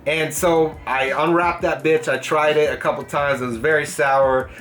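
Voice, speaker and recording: A young man hosting a vlog, casually telling a story from school, swearing freely and animated. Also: fairly high pitch, normal speed. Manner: profane, animated, puts on voices in quotes. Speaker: gaming channel host.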